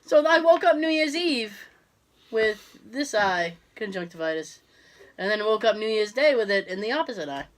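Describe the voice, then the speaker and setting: Brief: female podcast co-host, fighting a cough, animated voice that swings up and down, acts out every quote. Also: medium pitch, moderate pace. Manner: animated storytelling, acting out quotes, laughing often. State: sick with a cough. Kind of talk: casual chat.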